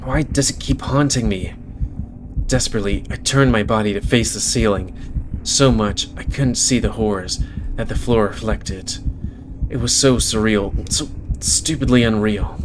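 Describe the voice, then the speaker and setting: Man reading a game aloud, lowish voice. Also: moderate pace, noisy background. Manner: dramatic reading, shifting into casual chat. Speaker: let's play host. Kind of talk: reading a visual novel aloud.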